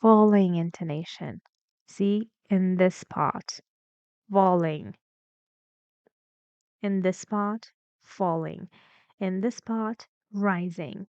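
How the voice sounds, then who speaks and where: A woman teaching English pronunciation, speaking slowly and deliberately and acting out sample sentences with exaggerated rising and falling pitch. Her first language is Persian. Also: a little mellow, clean tone, no echo, lo-fi sound. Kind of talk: slow, deliberate English lesson.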